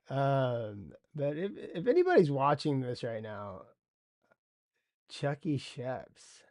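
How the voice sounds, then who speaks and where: A man's voice: mid-range voice, big pitch swings, slow pace, darkish tone, dry recording, studio quality. A man hosting a casual livestream market recap, rambling in loose slang with frequent swearing and restarts. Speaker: stock trading show host.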